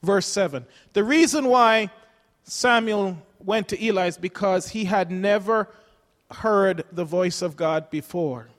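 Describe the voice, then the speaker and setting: A man with a fairly high voice preaches a loose, storytelling sermon, chuckling often as he talks. His voice rings out with the long reverb of a church hall. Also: measured pace, fairly bright tone. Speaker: pastor. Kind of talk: conversational sermon.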